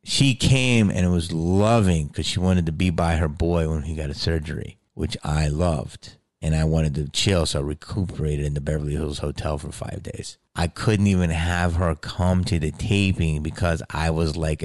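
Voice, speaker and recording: This man's voice sits low. He's an actor and comedian spinning a casual story with lots of energy and swearing, performing the voices of whoever he's quoting.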